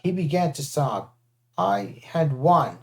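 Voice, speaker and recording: A first-person audiobook reading, lively and shifting into character voices. The timbre sits dark and mellow at a middle pitch. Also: takes it slowly, gravelly. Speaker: audiobook narrator.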